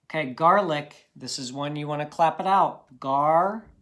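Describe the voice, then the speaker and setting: A man's voice: on the high side, normal speed, fairly bright tone. A man teaching a recorded phonics lesson to young students. He talks patiently and encouragingly and sounds out words part by part.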